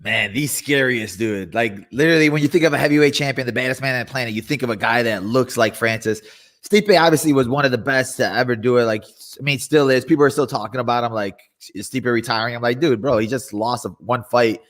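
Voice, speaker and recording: A man co-hosting a podcast in casual chat, loose, slangy and excitable. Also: medium pitch, fast. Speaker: podcast co-host.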